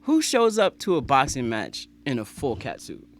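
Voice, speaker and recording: A man's voice: medium pitch, huge pitch swings, normal speed. A man co-hosting a podcast, trading loose, slangy, joking banter. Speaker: podcast co-host. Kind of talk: casual banter.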